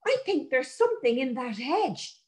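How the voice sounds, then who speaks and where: A woman voicing an eager, curious young farm girl in a read-aloud story, with a bright childlike voice. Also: sits high, big pitch swings, normal speed. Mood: alarmed.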